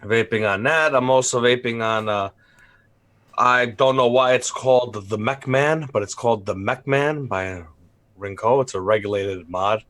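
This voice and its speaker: A man co-hosting a casual live stream, hoarse from a cold, joking and laid-back. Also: medium pitch, moderate pace, fairly bright tone, no echo. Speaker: show co-host.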